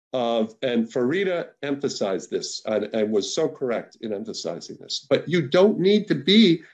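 A man's voice: mid-range voice, darkish tone, lo-fi sound. A man giving unscripted remarks on a policy panel, earnest and emphatic, stumbling through restarts and repeated words. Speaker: panel discussant at a policy webinar.

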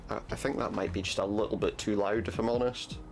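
A man's voice: on the low side, fairly even intonation, quick pace, vocal fry, music in the background. A man giving casual gameplay commentary, chatty, with wry, self-mocking asides.

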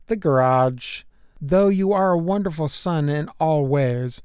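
A storybook reader voicing a pair of fed-up parents who stay firm but loving, in measured, gently stern verse. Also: medium pitch, clear, resonant tone, no echo, clean studio sound, lightly acted.

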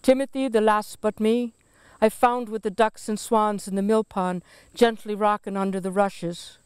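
A woman poet reading her own poem aloud in a solemn, deliberate recitation. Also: medium pitch, little pitch movement, clear, resonant tone, dry recording. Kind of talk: poetry reading.

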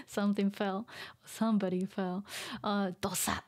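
A woman in a mid-pitched voice leads a casual vocabulary lesson. She talks softly and chattily and switches between Japanese and English. Small laughs and gentle fillers run through her explanations. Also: flat delivery, normal speed. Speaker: Japanese teacher.

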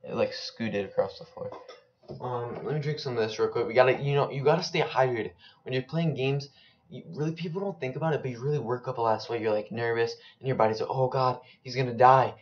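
This is a young man in the middle of casual gameplay commentary, wandering from one topic to the next in relaxed slang. His voice sits at an ordinary male pitch. It comes through a slightly muffled, lo-fi desk microphone. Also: quick pace, slight background noise. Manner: rambling, joking, slangy, mumbles while typing. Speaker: gaming YouTuber. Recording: slightly dull lo-fi mic.

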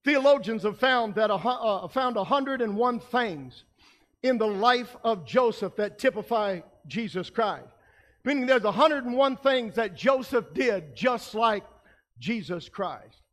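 Man, pastor, sermon, very high voice, impassioned, shouts and hushes. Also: animated, a little slow.

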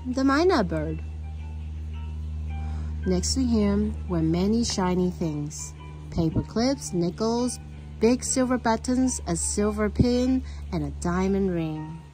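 A woman reading a children's picture book aloud, with a steady storytelling manner. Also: mid-range voice, slow pace, faint music behind, poor audio.

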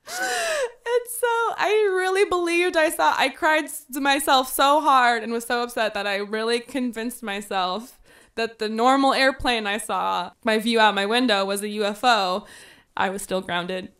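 A woman podcast host telling a funny personal story in a casual, animated way, acting out her younger self's lines. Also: fairly high pitch, unhurried.

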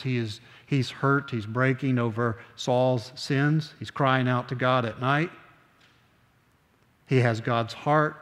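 Older guy preaching a sunday sermon, earnest, slows way down on the big lines, mid-pitched, lots of church reverb. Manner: earnest, slows down on key phrases, conversational asides. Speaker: pastor. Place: church sanctuary.

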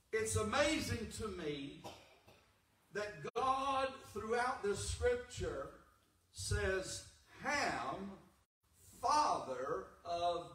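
A man preaching a Pentecostal sermon as pastor, swinging from loud, emphatic lines to hushed, low ones. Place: church sanctuary. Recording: echoey church hall from far off.

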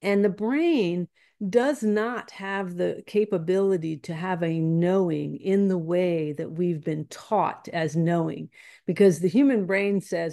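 A woman's voice: fairly low pitch, a little slow, mellow. A woman guest teaching spiritual ideas in conversation, earnest and searching, often restarting her phrases.

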